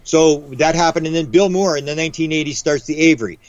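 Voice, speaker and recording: A man as guest author in a casual interview, rambling with quick restarts and acting out the voices he quotes. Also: on the high side, steady tone, no echo. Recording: dull lo-fi audio.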